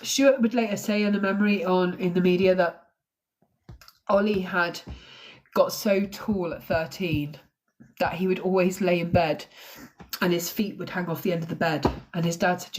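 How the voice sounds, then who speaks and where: An English woman hosting a live true crime stream, telling the story emotionally and close to tears, pausing to thank viewers. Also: lowish voice, steady tone, a little mellow.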